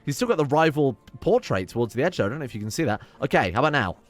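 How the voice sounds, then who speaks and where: A man's voice: medium pitch, big pitch swings, rapid-fire, faint music behind. A young man casually commenting on his strategy game, reading event text aloud, wry and swearing now and then. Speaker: game streamer. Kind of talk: casual let's play commentary.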